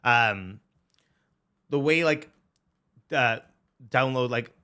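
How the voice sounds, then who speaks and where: A young man chatting casually as a streamer, excitable and swearing a lot, with plenty of fillers. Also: mid-range voice, extremely slow. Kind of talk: casual chat.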